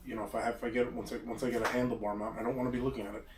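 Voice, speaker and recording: A man's voice: mid-range voice, little pitch movement, rapid-fire. Rambling man hosting a chat, echoey. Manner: rambling, hesitant, restarts often. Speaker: host. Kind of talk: casual chat. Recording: roomy echo, distant mic, faint background hum.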